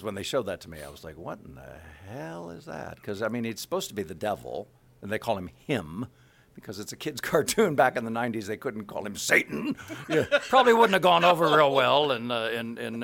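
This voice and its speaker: Animated, gravelly middle-aged man. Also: medium pitch, a little fast. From Kansas City, USA. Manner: animated, full of filler words. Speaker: voice actor. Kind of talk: casual interview talk.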